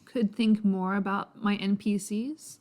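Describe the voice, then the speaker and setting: A woman guest on a tabletop podcast, chatting in a brisk, matter-of-fact way. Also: mid-range voice, steady tone, a little mellow. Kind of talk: casual chat.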